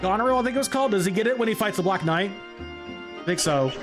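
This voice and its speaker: A man streaming a video game, rambling and joking with chat in a loose, animated way. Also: high voice, fast talker, music in the background. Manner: animated, rambling, jokey, laughs often. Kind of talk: live gaming commentary.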